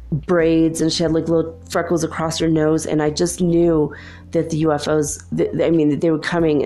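A woman's voice: sits low, vocal fry, mellow. A woman telling a personal story in a rambling, earnest way, with many asides.

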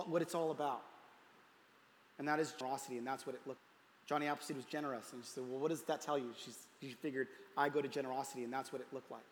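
A man in his thirties, a pastor telling a family story in a sermon, voicing the people he quotes and dropping to a hush at tender moments. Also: on the high side. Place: church hall. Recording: roomy hall reverb.

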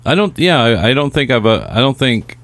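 A man in a casual chat, talking in a relaxed, agreeable way with hesitant restarts. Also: medium pitch, brisk, dry recording.

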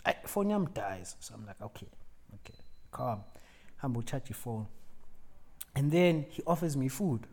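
A man's voice: medium pitch, normal speed. Young South African man telling a story. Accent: South African, mixing Zulu and English. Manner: animated storyteller, laughs mid-story, drops voice for quoted lines. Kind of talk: casual storytelling chat.

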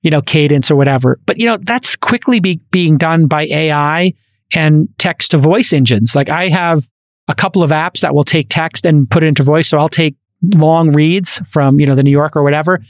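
A man hosts a podcast in loose conversation and tells his stories with energy, full of asides and restarts. His voice sits fairly high for a man. The studio sound is close and dry, with no room around it. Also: no room sound. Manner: animated storyteller, quick asides and restarts. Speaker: podcast host. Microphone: studio microphone.

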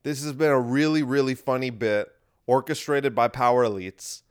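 Wry rambling man with a smooth voice. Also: mid-range voice, fairly even intonation, normal speed. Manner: wry, rambling, repeats himself. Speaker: podcast host. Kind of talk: casual monologue.

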